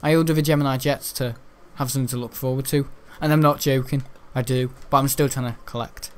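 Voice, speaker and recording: A man giving rambling, chatty gameplay commentary, laughing often and breaking into excitable outbursts. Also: medium pitch, fast, smooth. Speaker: gaming channel host.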